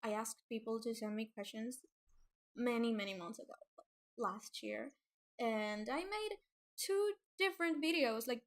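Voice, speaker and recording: During a casual livestream, a young webcomic creator sounds nervous and giggles easily, stumbling through fillers and restarts. Her voice is slightly high, and she pauses at length between thoughts.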